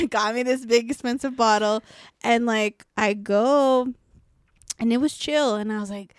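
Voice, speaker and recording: A woman's voice: on the high side, a little slow, clean tone, dry recording, clean studio sound. A young woman, co-hosting a podcast and telling a story in a casual, profane way with frequent laughs. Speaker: podcast co-host. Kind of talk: casual chat.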